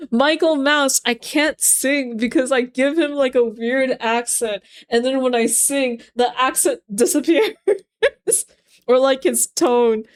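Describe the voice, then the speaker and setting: Young woman streamer, high voice, laid-back pacing, giggly and rambling. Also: slow. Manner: giggly, rambling, with many fillers. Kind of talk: casual livestream chat.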